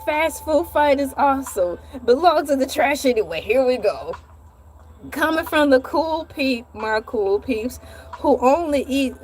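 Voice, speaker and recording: A woman hosting a vlog, telling a comedic story in an animated, playful way with dramatic asides. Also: sits high. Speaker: vlog host.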